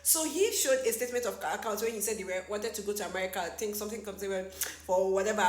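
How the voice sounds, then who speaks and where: A woman with a Nigerian accent giving casual gossip commentary as an entertainment news vlogger, animated and exclamatory, laughing often and slipping into pidgin. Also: mid-range voice, fast talker, soft background music. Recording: echoey room.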